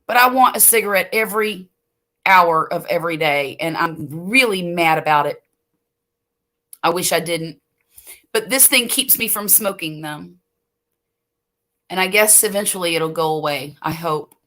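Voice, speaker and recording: An older woman from the US Gulf Coast talks at an unhurried pace in a clear, bright voice. She hosts a late-night stream from home, rambling between viewer comments and laughing easily. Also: medium pitch. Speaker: late-night livestream host. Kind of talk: casual chat reading viewer comments.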